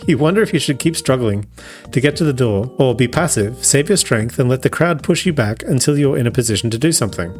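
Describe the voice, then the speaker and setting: A man's voice: mid-range voice, darkish tone. A man with an Australian accent, a streamer reading an adventure gamebook to chat, laughing often and adding chatty asides.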